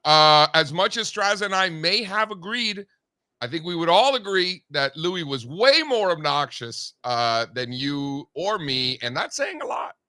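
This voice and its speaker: Bright, crisp-voiced man talking markets. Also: fairly high pitch, very animated. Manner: fast, joking banter with market quotes. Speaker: show host. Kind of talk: casual market chat.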